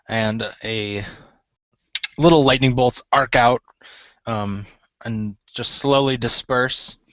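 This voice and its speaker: A man runs a tabletop game in a relaxed, hesitant manner. His voice sits mid-range and the recording is dry and lo-fi. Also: medium pitch, no echo. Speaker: game master. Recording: dry, dull lo-fi sound.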